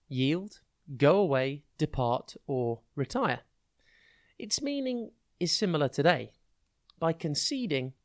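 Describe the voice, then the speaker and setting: A podcast host teaching children a word a day, reading a scripted lesson that is upbeat and clearly spelled out. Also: mid-range voice. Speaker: vocabulary tutor and podcast host.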